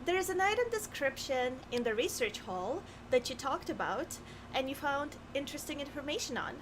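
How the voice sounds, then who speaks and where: A woman co-hosting a game stream in casual, excitable chat, often flustered. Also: high voice, moderate pace, noisy background. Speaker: streamer co-host.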